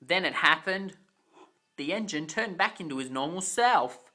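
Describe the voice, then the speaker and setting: A narrator reading a homemade storybook at a slow, plain pace. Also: medium pitch, expressive, bright, forceful tone.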